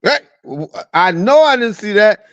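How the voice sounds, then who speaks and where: A man hosting a live stream, reacting to a clip with loud mocking laughter and profanity. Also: high-pitched, very animated, unhurried, no room sound. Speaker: live show host. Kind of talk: casual live-stream commentary. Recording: dull dry lo-fi sound.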